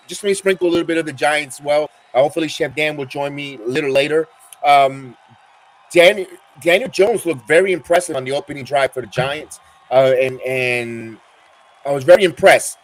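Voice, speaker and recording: A middle-aged man with a Bronx New York accent, hosting a live football watch-along stream as an excitable, chatty fan. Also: on the high side. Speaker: podcast host.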